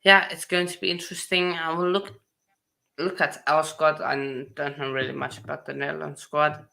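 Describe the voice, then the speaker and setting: A man hosting a casual sports chat, halting and full of fillers and restarts. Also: on the high side, level tone, vocal fry, bright, forceful tone. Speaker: host.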